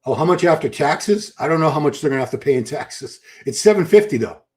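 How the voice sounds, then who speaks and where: A man's voice: on the high side, lively intonation, quick pace, a little mellow. A man hosting a live stream, giving chatty, enthusiastic commentary and reading viewer questions aloud. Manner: chatty, enthusiastic, restarts a lot. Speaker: livestream host.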